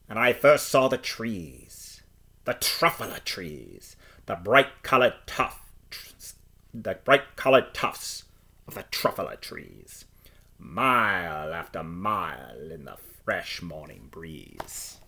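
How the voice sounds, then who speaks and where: A man performing a rhyming storybook aloud in the first person, playful and expressive. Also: fairly low pitch, gravelly.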